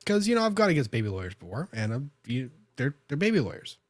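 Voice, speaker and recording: Lawyer guy telling a story on his podcast, mid pitch, lots of restarts, dry close mic. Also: big pitch swings, fast talker, no echo. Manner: conversational, frequent restarts and self-corrections. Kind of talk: casual storytelling chat.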